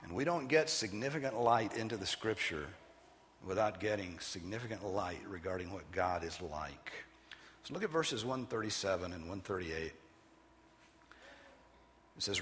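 A man preaching an expository sermon, teaching with an emphatic, measured cadence. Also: low-pitched, lively intonation, fairly bright tone, long reverb tail, slight background noise.

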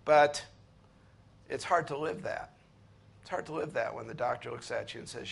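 A man preaching an earnest sermon, slowing down and lifting his voice when he reads scripture aloud. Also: medium pitch, vocal fry, slight background noise. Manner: earnest preaching, slows and rises to read scripture. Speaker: pastor.

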